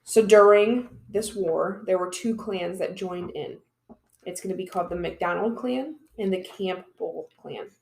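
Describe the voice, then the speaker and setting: A woman telling a history story on a casual podcast, playful and animated. Her voice sits a little low. The room around her adds a noticeable echo. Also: measured pace, vocal fry.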